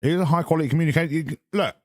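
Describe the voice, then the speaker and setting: A man's voice: fairly high pitch, very fast, no room sound, clean studio sound. A man, chatting casually with his viewers on a live stream in sarcastic, sweary, mock-lecturing rants.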